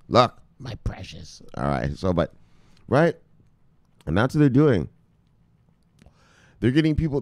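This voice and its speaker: A man hosting a crypto news show in a loose, profane ramble, cracking jokes and calling his viewers brothers. His voice sits low but swings widely in pitch, heard close and dry. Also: darkish tone, dry recording. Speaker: crypto news video host. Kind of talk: casual profane commentary.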